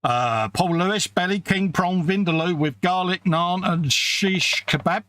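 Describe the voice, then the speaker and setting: A man's voice: high voice, measured pace, bright, forceful tone, no echo. A man co-hosting a live stream, chatting casually while painting models, teasing his friend and reading out chat messages. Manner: laid-back, teasing, reads chat messages aloud. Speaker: co-host.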